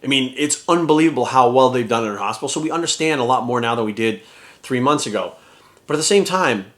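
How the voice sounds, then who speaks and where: A man and fitness vlogger delivering a heated, profane rant to his viewers, swearing often and talking in a rapid-fire rush. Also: a little high, a bit bright. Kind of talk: ranting vlog monologue.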